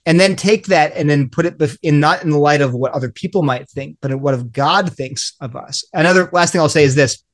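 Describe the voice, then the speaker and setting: A middle-aged man with a fairly high voice talks earnestly in a group discussion. He acts out small dialogues as he goes. He often restarts his sentences midway. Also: brisk, few pauses. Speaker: guest author. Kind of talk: animated discussion.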